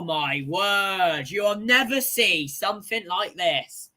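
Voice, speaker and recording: A man hosting a casual football show, excitably reading out live scores and swearing at decisions. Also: sits high, takes it slowly, hardly any pauses.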